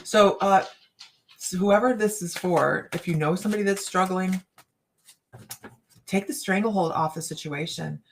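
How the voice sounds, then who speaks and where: A woman's voice: on the low side, moderate pace, long pauses, slight background noise. A middle-aged woman reading cards on a casual live chat, rambling and laughing often. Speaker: psychic card reader.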